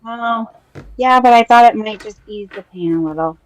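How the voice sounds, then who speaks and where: A woman's voice: on the high side, moderate pace, rough recording. A woman playing a tabletop role-playing game, speaking in a hesitant, rambling way with many fillers. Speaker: player. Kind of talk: tabletop role-play in character.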